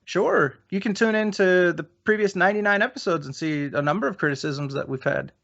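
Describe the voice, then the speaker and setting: A man's voice: sits high, brisk, gravelly, fairly bright tone. A man hosting a podcast, needling and mocking his guest in a heated debate, often restarting his sentences. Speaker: podcast host. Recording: dull lo-fi podcast audio.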